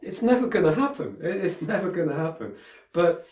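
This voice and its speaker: A piano teacher with a high, lively, slightly dark voice talks a little fast through a piano tutorial, full of fillers, restarts and digressions. The recording sounds roomy and a bit distant from the mic, with the piano playing in the room.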